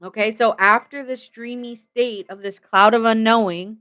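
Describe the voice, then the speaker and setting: A woman's voice: on the high side, fairly even intonation, moderate pace, fairly bright tone, clean tone. A woman hosting a live tarot reading, chatty and playful, often laughing and greeting viewers by name.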